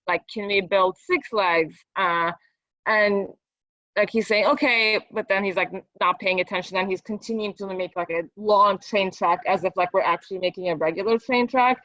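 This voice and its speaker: A woman's voice: mid-range voice, moderate pace, fairly bright tone, dry recording, lo-fi sound. A woman, a parent, telling her coach in casual talk how a session went, hesitant and full of fillers and restarts.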